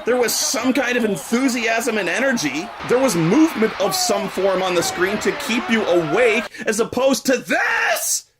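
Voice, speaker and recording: A man hosting a comedy review, ranting sarcastically and cursing, shouting at times. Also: high-pitched, expressive, normal speed, hardly any pauses, very noisy. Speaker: host.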